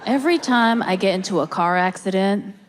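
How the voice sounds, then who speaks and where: A woman's voice: medium pitch, fairly quick, long reverb tail, slight background noise. A woman comedian doing stand-up with punchy, emphatic setups. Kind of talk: stand-up routine.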